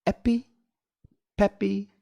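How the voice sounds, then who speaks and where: A man voicing an earnest young girl in a storybook reading, his voice raised higher. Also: slow pace, warm tone, close to an everyday voice. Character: young girl lost on a long journey. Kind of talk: storybook read-aloud.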